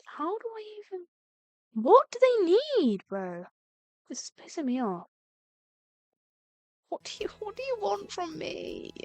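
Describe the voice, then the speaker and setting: A woman's voice: very high-pitched, wildly swooping pitch, measured pace, long pauses, dry recording. A young woman streaming a game live, chatty and exasperated, swearing at the game. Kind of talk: live gameplay commentary.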